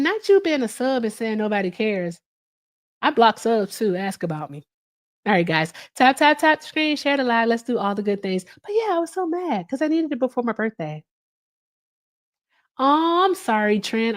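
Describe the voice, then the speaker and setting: A woman in casual chat as a livestream host, animated and answering viewer comments as she talks. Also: medium pitch.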